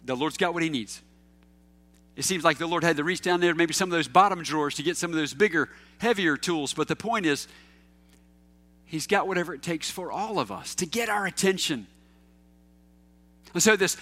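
Pastor, male, middle-aged; high, forceful voice, easygoing anecdotal preaching with fillers. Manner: casual and anecdotal, with fillers and repeats. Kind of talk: conversational sermon.

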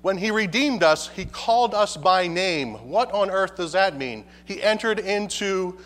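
High-voiced preacher in a reverberant hall. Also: male voice, animated, measured pace, fairly bright tone. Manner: emphatic preaching with rhetorical questions. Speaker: pastor. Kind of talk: sermon.

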